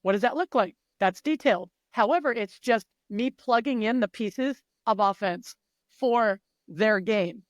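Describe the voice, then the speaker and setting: A woman's voice: fairly high pitch, a little slow, no room sound, clean studio sound. A middle-aged woman coach talking in a casual interview, emphatic and blunt, swearing freely. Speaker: mental performance coach.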